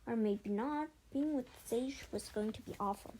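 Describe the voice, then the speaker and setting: A woman with a fairly high voice reads a children's storybook aloud. Her narration is expressive and lively, with the odd stumble and restart left in. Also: normal speed, slight background noise, rough recording. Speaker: storybook reader.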